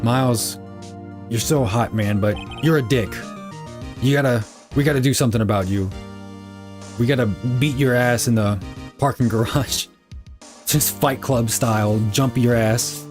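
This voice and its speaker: A man's voice: mid-range voice, measured pace, long pauses, faint music behind. Crude, joking male game streamer. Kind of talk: casual gameplay commentary.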